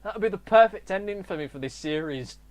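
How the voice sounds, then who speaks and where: A man's voice: sits high, expressive, fast talker. A man rambling through a profane, comedic TV review monologue. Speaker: video reviewer.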